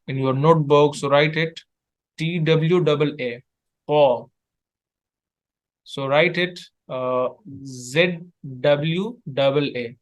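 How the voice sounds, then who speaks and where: Brief: male tutor, slightly high voice, slow and patient, repeats each letter sound, broken English. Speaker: Arabic tutor. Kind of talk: one-on-one online language lesson.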